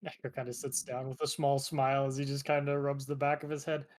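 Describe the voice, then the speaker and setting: A man's voice: medium pitch, completely flat delivery, brisk. A man playing his character in a tabletop role-playing game, describing actions in a casual, hesitant way. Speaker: player.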